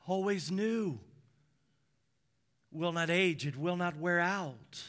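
A pastor delivers a sermon in a deliberate, unhurried cadence, his voice sitting a little high for a man. He builds repeated lists to loud, bright peaks, then drops to a near hush. The tone stays clear and forward throughout. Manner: emphatic preaching with repeated lists, swinging between loud peaks and hushed drops.

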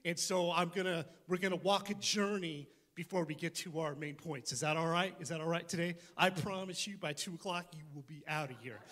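A man preaching a sermon as pastor before a church congregation, animated, with joking asides and frequent restarts. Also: a little high, a little fast, few pauses.

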